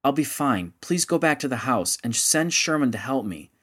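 A man voicing an older man named Charlie, pleading and shouting desperately during a rescue. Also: mid-range voice, sing-song, normal speed, slightly rough, pitched above the performer's own voice. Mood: urgent, coaxing.

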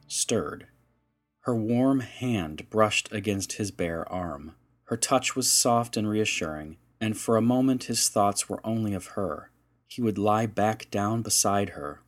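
A man narrating an audiobook chapter in slow, dramatic storytelling. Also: on the low side. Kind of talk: scripted narration.

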